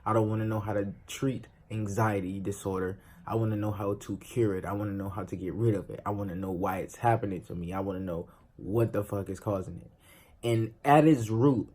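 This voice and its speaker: A man's voice: on the low side, a little mellow. A young man vlogging to camera in a loose, slangy, emphatic way, swearing freely. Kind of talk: casual talk to camera.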